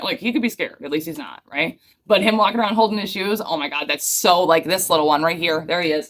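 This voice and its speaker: A woman's voice: low-pitched, fairly quick. Chatty woman reacting to videos. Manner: chatty, filler-heavy, excitable. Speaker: host reacting to cryptid videos. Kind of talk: casual reaction commentary.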